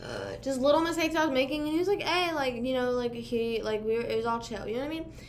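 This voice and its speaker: Rambling young woman livestreamer, high voice. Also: fast talker, slight background noise. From Pennsylvania. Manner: rambling, filler-heavy, self-deprecating. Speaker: livestream host. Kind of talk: casual chat with live viewers.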